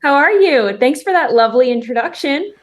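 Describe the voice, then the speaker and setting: A woman with a slightly high voice co-hosts a sports talk show. She chats in a friendly, upbeat way and sets up the next segment. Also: animated, a little fast. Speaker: show co-host. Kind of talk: casual chat.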